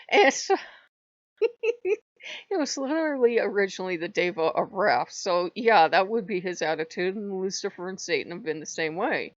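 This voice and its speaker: A woman's voice: medium pitch, very animated, moderate pace, dry recording. A woman hosting a casual spiritual vlog, talking bluntly and animatedly, swearing freely and laughing often. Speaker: channel host. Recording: dry, dull lo-fi recording.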